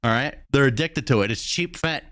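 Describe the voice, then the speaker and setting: A man's voice: mid-range voice, brisk, fairly bright tone, dry recording, studio quality. A man hosting political reaction commentary, talking bluntly and mockingly and swearing freely as he reacts to clips. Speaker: commentary host.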